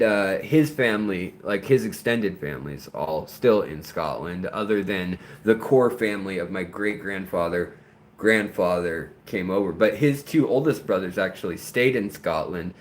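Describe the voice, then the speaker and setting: A man hosting a casual livestream, chatting to viewers in a rambling, animated way and tripping over their names. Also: deep voice. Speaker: livestream host.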